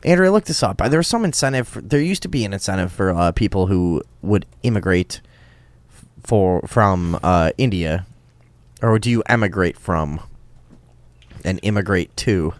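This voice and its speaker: A man hosting a talk show, telling stories in a profane, rambling, animated way. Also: low voice, unhurried, no room sound. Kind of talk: rowdy podcast storytelling.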